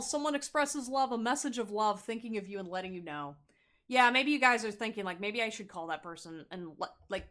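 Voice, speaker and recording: A woman's voice: on the high side, a bit bright. A young woman giving a casual tarot reading, blunt and profane, laughing often and acting out little quotes. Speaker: tarot card reader.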